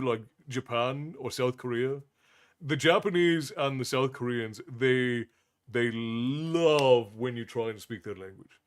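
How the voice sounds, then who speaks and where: A man's voice: mid-range voice, slow pace. Rambling man chatting on a stream. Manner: rambling, many restarts and chuckles. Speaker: livestream host. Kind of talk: casual chat with viewers.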